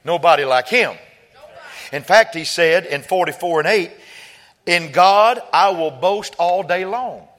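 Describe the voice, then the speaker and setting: A man preaching a sermon, quoting scripture and building from quiet talk to fervent shouting. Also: sits high, expressive, a little slow.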